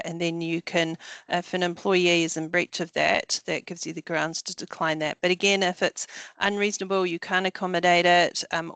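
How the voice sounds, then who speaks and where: An employment lawyer answers webinar questions over a video call. The speech is measured, with many ums and restarts. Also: mid-range voice, a bit bright, dry recording.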